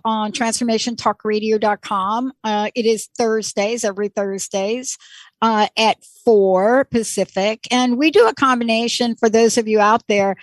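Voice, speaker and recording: A woman's voice: mid-range voice, no room sound. A woman who is a psychologist and a radio show host, introducing her guest in an upbeat, promotional way.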